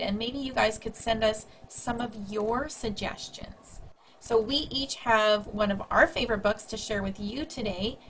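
A woman's voice: on the high side, a little hiss or hum, poor audio. A woman from a school's staff giving a friendly, upbeat update to young students. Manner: upbeat, speaks warmly to young kids.

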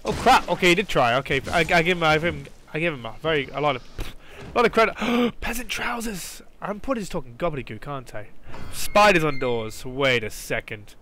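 A man giving excitable let's play commentary, jumpy and quick to swear or squeal when scared. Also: a little high. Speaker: gaming YouTuber.

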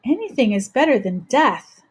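A woman voicing a small, brave female bird in a storybook read-aloud, lifting her voice higher and sounding practical and reassuring. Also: sing-song, moderate pace, breathy edge.

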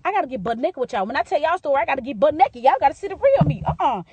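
Sassy, high-voiced woman. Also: very fast, lo-fi sound, slight background noise. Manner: sassy, animated, talks straight to the viewer. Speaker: comedic vine creator. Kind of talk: comedic storytelling monologue.

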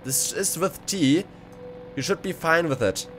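A man giving excitable let's play commentary, exclaiming and rambling as he goes. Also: a little high, measured pace, faint music behind. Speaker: gaming video creator. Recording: clear background game noise.

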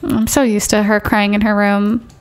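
A young woman chatting casually as she streams a life-simulation game, excitably telling her characters what to do. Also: medium pitch, normal speed, clear, resonant tone. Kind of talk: casual gameplay commentary.

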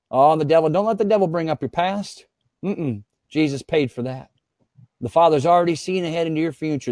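A man's voice: on the high side, darkish tone, no echo, clean studio sound. A man preaching as a guest pastor, fervent and repetitive, often speaking in the voice of God to his viewers.

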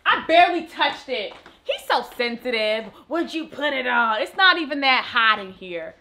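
A woman's voice: sits high, big pitch swings, moderate pace, pushed and bright, slight background noise. A young woman co-hosting a couple's channel, teasing her partner in casual banter and playfully calling out to the audience.

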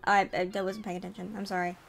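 A woman's voice: medium pitch, level tone, quick pace, gravelly, a little hiss or hum. Playful rambling woman streamer. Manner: playful, rambling, giggly asides. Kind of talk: casual live gameplay chat.

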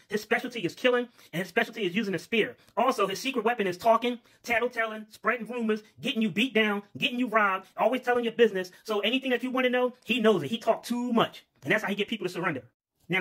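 A man spins an improvised comic kung-fu tale, rambling and cursing as he goes. His voice sits high and bright, and he talks at a rapid clip. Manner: profane, rambling, casual. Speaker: storyteller. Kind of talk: comedic improvised storytelling.

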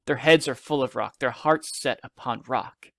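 A steady fighter-pilot father, as a male reader puts him on, speaking low and earnest with a gravelly edge. The reading is dry and close, with no room sound. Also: moderate pace, no room sound, close to an everyday voice.

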